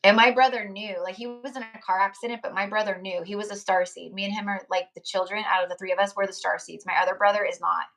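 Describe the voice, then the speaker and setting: A young woman chats on a live tarot stream in a loose, heartfelt ramble, her pitch sitting in a middle range for a woman. She piles on fillers, "you know"s and restarts as she talks straight to her viewers. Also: steady tone, quick pace, creaky, few pauses, a bit bright. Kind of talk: casual live-stream chat.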